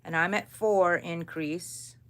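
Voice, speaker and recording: A middle-aged woman hosting a live crochet stream, chatting with viewers and counting her stitches aloud softly. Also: on the low side, steady tone, slow. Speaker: crochet channel host.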